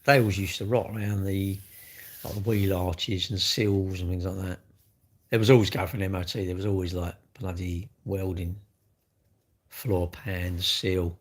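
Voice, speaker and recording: A middle-aged man livestreaming, telling blunt, sweary stories in casual chat to his viewers. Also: sits low. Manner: blunt, swearing, chatty storyteller.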